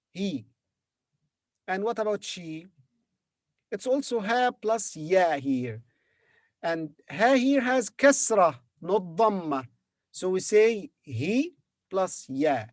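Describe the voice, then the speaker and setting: Slow, patient male language teacher. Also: sits high, very animated, no echo, studio quality. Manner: patient, sounds out syllables and repeats words. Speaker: Arabic teacher. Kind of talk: slow beginner language lesson.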